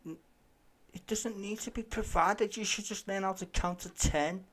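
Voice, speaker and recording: Sarcastic, swearing streamer. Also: male voice, sits high, fairly even intonation, normal speed, a bit bright. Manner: sarcastic, profane ranting. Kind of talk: live-stream reaction commentary.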